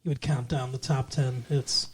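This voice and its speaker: A man's voice: mid-range voice, little pitch movement, normal speed, slightly rough. A man co-hosting a podcast in casual chat, joking and teasing, often slipping into silly voices. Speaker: podcast co-host.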